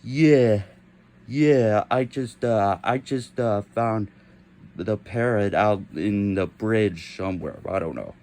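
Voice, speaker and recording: Guy doing a low mumbly chill guy who found a parrot, slow and halting, lots of uhs. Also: darkish tone. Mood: hesitant. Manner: hesitant, full of uhs.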